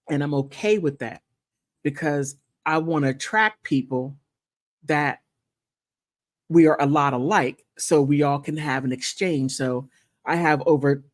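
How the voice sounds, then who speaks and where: A woman hosting a casual livestream, chatting playfully and thanking viewers, with high laughs and quiet, sincere asides. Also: no echo, clean studio sound. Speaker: content creator hosting a livestream. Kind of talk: casual livestream chat reacting to gossip and viewer comments.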